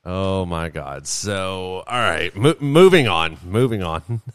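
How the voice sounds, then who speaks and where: Deep-voiced man hosting, lively. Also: takes it slowly, crowd noise. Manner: steers the talk, exasperated jokes. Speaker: podcast host. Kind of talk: casual chat.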